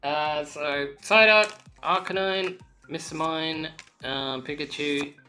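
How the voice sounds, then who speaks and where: A woman opening trading card packs on camera in casual chat, swearing freely and breaking into sudden high squeals of excitement. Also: takes it slowly, music in the background.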